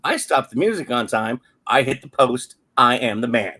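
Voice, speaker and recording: A man hosts a relaxed sports podcast in a playful, upbeat way, sharing news and drifting off mid-story. His voice sits at an ordinary mid pitch. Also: moderate pace, husky. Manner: upbeat, playful, loses his train of thought. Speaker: podcast host. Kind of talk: casual sports chat.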